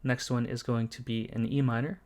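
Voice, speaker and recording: A man teaching music production basics in a calm, methodical tutorial, explaining each step. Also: medium pitch, fairly quick. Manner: calm, methodical, walks through each step while playing examples.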